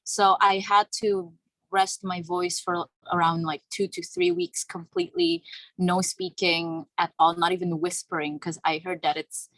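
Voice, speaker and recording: A woman's voice: lowish voice, measured pace, a bit bright, no echo, low-quality recording. A woman taking part in a singing workshop on a video call, polite and hesitant with many fillers, recovering from a sore throat. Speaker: workshop participant. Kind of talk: casual talk on a video call.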